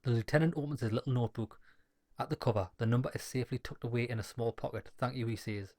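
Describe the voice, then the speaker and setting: A man's voice: mid-range voice, quick pace, dark tone. A man playing a dialogue-heavy game, reading the lines aloud and adding wry jokes. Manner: wry, joking asides between read lines. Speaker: gaming YouTuber.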